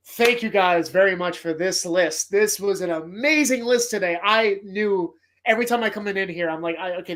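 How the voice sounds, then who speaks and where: A man hosting a casual movie podcast, retelling film scenes with animated, profane, emotional enthusiasm. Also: high-pitched. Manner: emotional, choked up at times. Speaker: podcast host.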